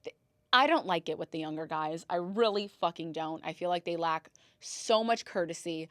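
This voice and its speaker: Animated woman telling stories on a podcast. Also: lowish voice, no echo, studio quality. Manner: animated, dramatic, swears and gasps for effect. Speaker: podcast host. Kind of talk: casual storytelling monologue.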